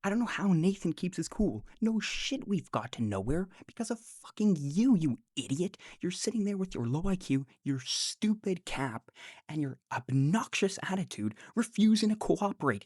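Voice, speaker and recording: A man's voice: sits high, big pitch swings, moderate pace, darkish tone, no echo, clean studio sound. A man giving angry reaction commentary on a debate clip, ranting and swearing, with mocking impressions of the debaters. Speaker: commentary YouTuber.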